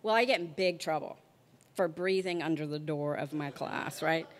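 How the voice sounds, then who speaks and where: A woman's voice: deep voice, moderate pace. A middle-aged woman telling a comic story on stage, acting out the people in it. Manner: animated, acts out the people in her story.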